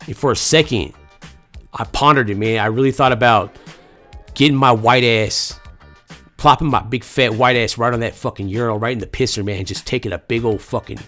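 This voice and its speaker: A man's voice: mid-range voice, fairly quick, sharp tone, soft background music. A man from the United States telling a crude comedic story, profane and rambling with lots of slang.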